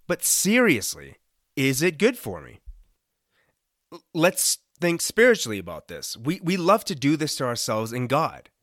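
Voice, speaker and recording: Young man, devotional podcast host, lively pitch, dry close sound, conversational and earnest. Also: a little slow, no room sound. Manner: conversational, often asks "right?"; earnest, lightly joking. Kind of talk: casual devotional talk.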